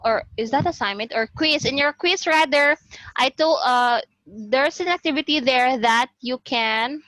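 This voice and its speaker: A woman's voice: sits high, unhurried, a bit bright, no room sound, rough recording. A woman with a Filipino accent teaching an online class over a video call. She mixes English and Cebuano and drills words by repeating them.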